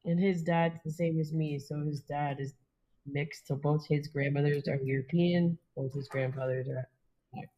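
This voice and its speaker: Mellow husky woman, talks slow and thoughtful with lots of ums, kinda dull lo-fi sound. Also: low voice, fairly even intonation. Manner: gentle, reflective, with fillers. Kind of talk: casual spiritual chat.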